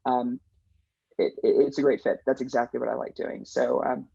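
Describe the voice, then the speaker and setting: A man's voice: medium pitch, steady tone, moderate pace, creaky, mellow, breathy edge, no echo. A man who manages a placements team, answering interview questions in an earnest, enthusiastic way with lots of fillers and restarts. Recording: dull dry lo-fi sound.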